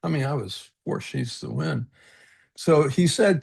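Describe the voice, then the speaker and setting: Earnest man with a gravelly, husky voice. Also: fairly high pitch, very animated, moderate pace, a little mellow. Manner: earnest, reflective, often repeats words and restarts sentences; chuckles at his own stories. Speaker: presenter on a webinar panel. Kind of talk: personal storytelling talk.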